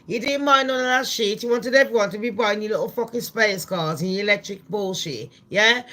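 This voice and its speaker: A woman's voice: medium pitch, fairly bright tone. A woman hosting her own channel, ranting in a blunt, scornful, profane commentary. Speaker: channel host.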